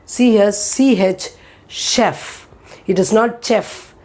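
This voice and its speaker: A woman's voice: mid-range voice, fairly even intonation, takes it slowly, mellow. A woman, patiently teaching pronunciation and repeating each word for learners. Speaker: language teacher. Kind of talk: pronunciation lesson.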